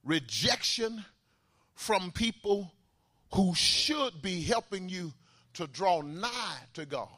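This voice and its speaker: A man preaching a sermon who moves from quiet teaching into shouted, sung exhortation and calls to the congregation. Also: sits high, very animated, slow pace, no echo, studio quality. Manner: fervent call-and-response exhortation.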